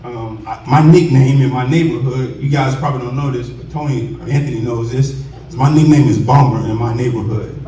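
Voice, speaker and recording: In a school cafeteria, a man in his forties from Commerce, Texas, gives an unscripted acceptance speech as an honoree; he is emotional and choking up, halting and restarting often. His voice is medium-pitched and warm, and the audio sounds roomy and distant with a faint hiss.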